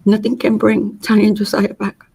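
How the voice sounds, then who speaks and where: A middle-aged woman reading a prepared victim impact statement in court. She speaks in a measured, grieving way and makes small slips as she reads. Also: medium pitch, level tone, mellow, slight background noise, poor audio.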